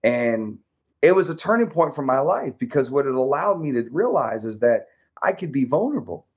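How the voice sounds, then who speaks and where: A man guest telling a personal story candidly in an interview, lively and laughing often, acting out the dialogue. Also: mid-range voice, moderate pace, breathy edge. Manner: animated, laughs often, acts out quoted dialogue. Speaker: podcast guest, army veteran. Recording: slightly dull lo-fi audio.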